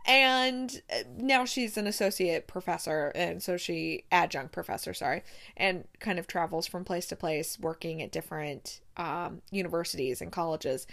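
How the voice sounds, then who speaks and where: Chatty woman recapping a movie. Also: lowish voice. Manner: chatty, animated, exaggerated outbursts. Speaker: movie review host. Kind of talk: casual recap chat.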